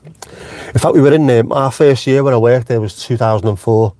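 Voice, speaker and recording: A middle-aged man talks from his car in a casual live stream, rambling from one joke to the next. His voice sits at an ordinary middle pitch, and he swears freely. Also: moderate pace, mellow, no echo, clean studio sound. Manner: chatty, swears freely, jokey tangents. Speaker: vlogger host. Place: inside a car.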